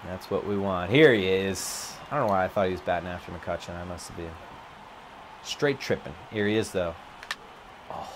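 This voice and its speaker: The background is noisy as a man commentates on his gameplay live from an empty office at normal speed. He's excitable, and worked-up moments send his voice jumping high.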